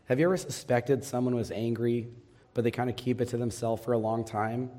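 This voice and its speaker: A man in his thirties preaches a sermon in a large hall, and his voice trails off into a long reverb. His tone is dark and mellow, and he keeps asking the congregation questions, then answers them himself. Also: medium pitch, fairly even intonation, a little fast. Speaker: pastor.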